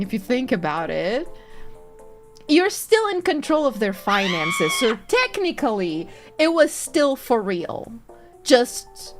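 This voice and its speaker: A woman in a casual live-stream chat, high-pitched and bouncing all over her range. She talks unhurriedly, breaks into giggles often, and swears freely, with faint music underneath. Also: fairly bright tone.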